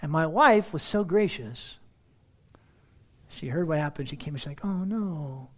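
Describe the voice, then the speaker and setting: High-voiced man reading scripture. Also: normal speed. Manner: expressive reading, then soft confessional talk. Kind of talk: scripture reading and personal reflection.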